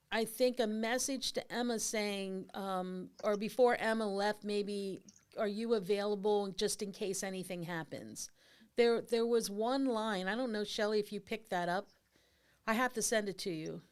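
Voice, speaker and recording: A woman co-hosting a podcast, asking rambling, animated questions in casual talk. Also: mid-range voice, measured pace, smooth. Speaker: podcast co-host. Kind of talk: casual conversation.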